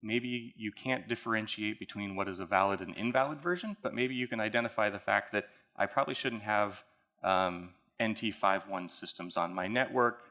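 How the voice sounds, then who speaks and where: A man's voice: on the low side, normal speed, bright, forceful tone. A man speaking at a conference, walking the audience through a technical case study in a casual, conversational way. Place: conference hall.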